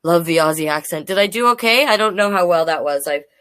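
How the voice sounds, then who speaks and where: A woman's voice: lowish voice, expressive, quick pace, a bit bright, dry recording. A woman, a drag king hosting a casual live-stream storytime, chatty and playful as she greets the kids watching by name.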